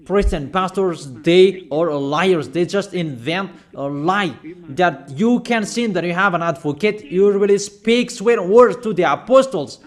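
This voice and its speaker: A man preaching a sermon, admonishing his listeners emphatically with slow, deliberate phrasing, pauses and rhetorical questions. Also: sits high.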